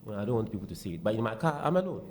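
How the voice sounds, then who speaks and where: Fast-talking Ghanaian man, heartfelt. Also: lowish voice, a little hiss or hum. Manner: fast, heartfelt, animated storytelling. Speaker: radio show guest. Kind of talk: candid radio talk. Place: radio studio.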